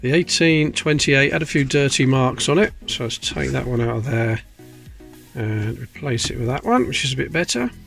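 A man's voice: medium pitch, animated, normal speed, creaky, a bit bright, soft background music. A man hosting a coin-collecting video, chatting casually and muttering to himself as he sorts pennies. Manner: chatty, self-mocking, muttering as he looks closely. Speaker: coin collecting channel host. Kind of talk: casual commentary while sorting coins.

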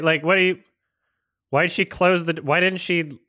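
A man's voice: a little high, fairly even intonation, brisk, sharp tone, no echo, clean studio sound. A man casually commenting on a movie as he watches it, rambling, swearing and incredulous. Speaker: host reacting to a film.

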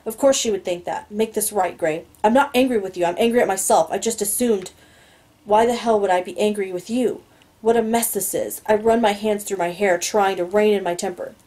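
A woman reads a novel aloud in the first person, her delivery inward and musing. Her voice is mellow and warm, at an ordinary pitch for a woman. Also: a little fast, low-quality recording. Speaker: audiobook reader.

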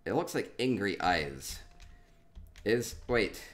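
A man's voice: lowish voice, big pitch swings, takes it slowly, faint music behind. A man giving casual live-stream commentary as he tours player homes in a game, playful and rambling as he thinks aloud.

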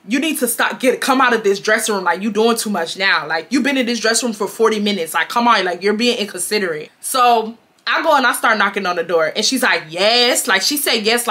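A woman in her twenties from Houston, telling a storytime to her viewers in a chatty, animated way and calling them y'all. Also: on the high side, fairly quick. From Houston, Texas. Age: 20s. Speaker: storytime vlogger.

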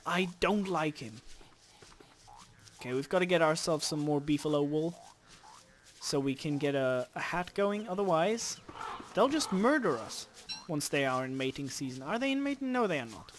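A man commenting on his game as he plays, chatting casually, cursing at creatures and bursting into loud shouts. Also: a little high, measured pace, long pauses. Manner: animated, swears at game creatures, sudden loud outbursts. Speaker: let's play host.

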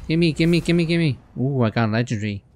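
A man with a Welsh accent, commentating on his gameplay in an excitable, panicky way and talking to the characters on screen. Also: mid-range voice, moderate pace, a little hiss or hum. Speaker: let's player. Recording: loud game music underneath. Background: game music.

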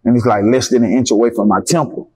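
A man's voice: mid-range voice, fast talker, slightly rough. A young man from Atlanta with a Southern accent, a guest in a casual interview, telling his story with lots of swearing and acting out the other people's lines. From Atlanta, Georgia. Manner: animated, profane storytelling with acted-out dialogue.

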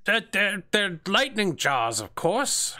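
A man's voice: high-pitched, big pitch swings, slow pace, a loud crowd, voice pushed up, heavily acted. A man voicing a frail, panicky old male assistant who whines and pleads in a flustered way.

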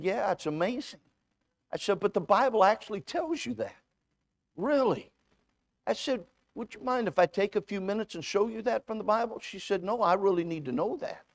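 High-voiced folksy evangelist man preaching. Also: dry recording. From United States. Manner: folksy storytelling, acts out dialogue, repeats words. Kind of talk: sermon with personal stories. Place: church sanctuary.

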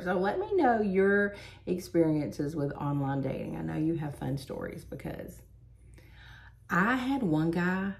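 A woman, chatting and laughing as she tells stories while doing her makeup. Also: fairly low pitch. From Southern United States. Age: 40s. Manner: chatty, animated, quick to laugh. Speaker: beauty vlogger.

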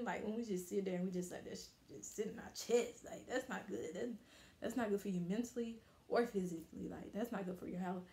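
A woman's voice: mid-range voice, reverberant. A young adult woman vlogging in a casual, candid way, repeating phrases for emphasis. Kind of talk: casual motivational vlog talk. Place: her bathroom.

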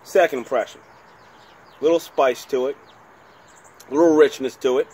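A man's voice: medium pitch, moderate pace, a little mellow, slightly rough. A man from New Jersey, hosting his own whisky review channel, talking in a chatty, rambling, self-deprecating way. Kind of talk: casual home video review.

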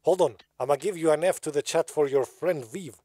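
A man's voice: fairly high pitch, a little fast, dry recording. A man giving casual, joking commentary while playing a video game. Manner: jokey, animated, laughs at his own bits. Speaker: gaming streamer. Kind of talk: casual let's-play commentary.

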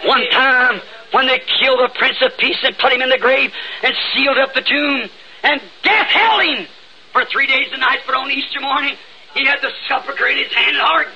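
A man with a Southern accent preaching an old-time revival sermon, fervent and breaking into sudden shouts, recorded in a church. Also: extremely high pitch, normal speed, crowd noise. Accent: Southern United States. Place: church sanctuary. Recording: dull lo-fi 1960s tape with faint hiss.

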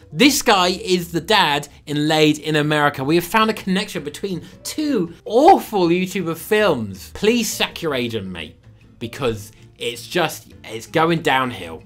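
A young man reviewing a film in a sarcastic comedic commentary, swinging between loud outbursts and muttered asides. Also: on the high side, big pitch swings, normal speed, soft background music.

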